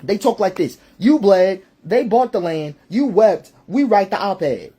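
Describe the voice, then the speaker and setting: A man's voice: high voice, lively intonation, moderate pace, few pauses, mellow, husky. Man, social commentator, talking straight to the audience in a heated monologue. Hammering, repetitive delivery with rhetorical questions. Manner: emphatic and rhetorical, repeats phrases, lists for effect; stops and restarts mid-sentence when building a point. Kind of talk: impassioned spoken monologue.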